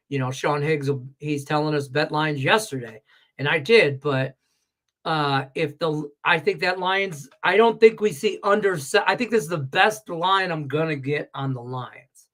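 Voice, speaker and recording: Here a slightly high-voiced man talks at normal speed, delivering a profane, heated and animated rant. It's a casual sports betting show set in Las Vegas, and his voice has a congested, stuffed-sinus quality.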